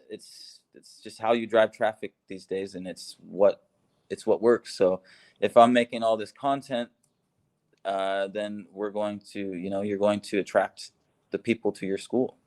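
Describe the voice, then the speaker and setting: A man with a fairly low voice chats casually and with an upbeat tone. He talks in an easygoing way and laughs easily. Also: a little mellow. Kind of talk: casual video call chat.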